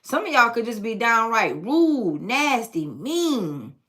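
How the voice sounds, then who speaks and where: A woman with a bright, forceful voice reads tarot cards straight to her viewers, blunt and sassy. Her pitch swings up and down in a lively way, and she drops teasing, profane asides along the way. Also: takes it slowly. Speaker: tarot reader. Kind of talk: casual tarot reading to viewers.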